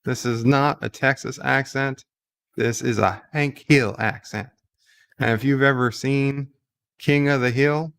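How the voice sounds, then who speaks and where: A man hosts a casual livestream from home, slowly reading viewer comments aloud and riffing on them. His voice has a gravelly rasp at the bottom, yet it stays smooth and resonant. He takes his time and lets his jokes ramble. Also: medium pitch, a bit bright. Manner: reads viewer chat aloud and answers in a rambling, joking way. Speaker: livestream host.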